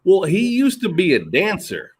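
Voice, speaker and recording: Middle-aged man, high voice, swings all over in pitch, casual rambling chat, swears a lot. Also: huge pitch swings, normal speed, slightly rough. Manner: rambling, profane, laughs often. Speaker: podcast co-host.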